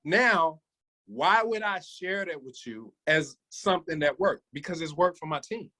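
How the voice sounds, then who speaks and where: A man's voice: a little high, lively intonation, measured pace, pushed and bright, low-quality recording. A man leading a sales training, coaching his team with energy and calling on listeners by name.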